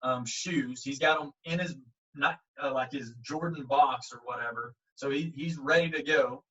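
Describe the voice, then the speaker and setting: A man, a baseball coach, telling a lively story in an interview. He talks casually, acts out the quotes and uses many fillers. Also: medium pitch, normal speed, far from the mic. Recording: muffled audio, speaker set back from the mic.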